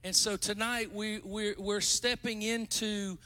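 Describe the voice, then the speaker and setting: Man, guest pastor, casual joking sermon, high voice, bright forceful tone, self-mocking, loud exclamations. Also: level tone, a little slow.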